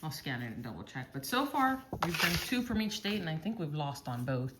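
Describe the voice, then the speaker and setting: A woman from Texas calmly murmuring through lottery scratch-off tickets, slowly listing each symbol as she checks. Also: deep voice, very noisy. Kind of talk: calm scratch-off play-by-play.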